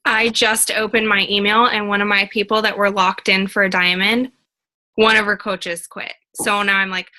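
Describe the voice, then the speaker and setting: A woman's voice: medium pitch, level tone, moderate pace, pushed and bright, low-quality recording. A woman coach in casual talk, upbeat and laughing, acting out what others said to her. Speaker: team coach.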